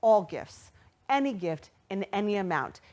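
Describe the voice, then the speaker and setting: Animated, excitable woman fundraiser host. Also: mid-range voice, unhurried. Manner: excitable, gushing thanks to donors; playful, teasing the audience. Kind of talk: live virtual fundraiser hosting.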